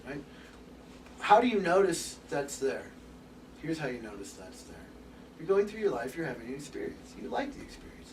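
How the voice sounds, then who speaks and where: A man giving an open forum lecture to a live group, animated and casual, swearing now and then and acting out little scenes. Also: on the high side, normal speed, reverberant. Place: room with an audience. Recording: distant mic with background hiss.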